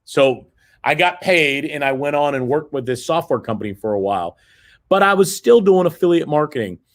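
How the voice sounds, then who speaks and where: A man's voice: a little high, lively intonation, moderate pace. A middle-aged man giving a motivational sales seminar, persuading the audience and checking in with frequent "right?" tag questions. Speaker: seminar presenter.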